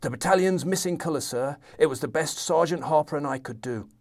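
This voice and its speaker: A man's voice: on the high side, brisk, darkish tone, natural voice. A weary young British rifle officer, read by a man from a novel. He speaks plainly and earnestly. It is an everyday reading voice.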